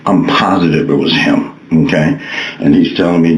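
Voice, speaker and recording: A man giving police a casual, rambling account in a calm, placating way. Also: low-pitched, a little fast, rough recording. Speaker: interviewee, stepfather.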